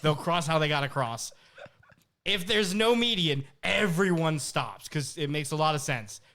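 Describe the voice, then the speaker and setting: Profane, animated man telling a story. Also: on the high side, moderate pace. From New Jersey. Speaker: podcast co-host. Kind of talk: casual chat.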